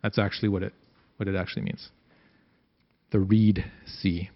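A man's voice: low voice, steady tone, normal speed. A man reading scripture aloud and explaining it as a Bible teacher, having his listeners repeat lines after him. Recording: dull lo-fi recording.

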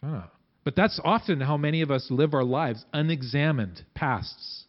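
A man with a slightly high voice preaching a sermon in a loose, chatty way. He bursts into loud, high acted-out quotes, then drops back to easy talk. The sound is muffled and lo-fi. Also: moderate pace. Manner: conversational preaching, acting out quotes with big swings in pitch and loudness. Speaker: pastor.

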